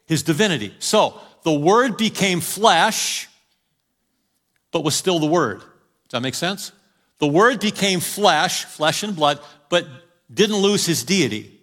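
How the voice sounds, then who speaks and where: A man preaching a sermon, telling stories to the congregation and urging them on, with sudden loud calls and quiet drops. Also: fairly high pitch, long reverb tail. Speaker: pastor.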